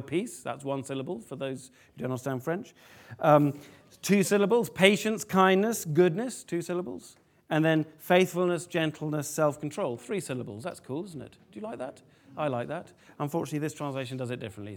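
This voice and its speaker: A man preaching a sermon to a family congregation, lively and animated, often asking the room questions. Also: fairly high pitch.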